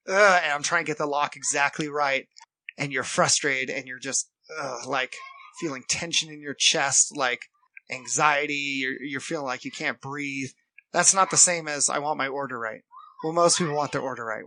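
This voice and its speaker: A man co-hosts a casual podcast, speaking in a medium pitch on a dry recording. He talks earnestly about his own experience and acts out the people he quotes, with his loudness shifting quickly.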